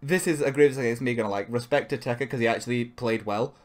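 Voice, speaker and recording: A man with a mid-range voice talks fast as he co-hosts a podcast. The chat is casual and rambling, broken by self-interruptions and frequent swearing.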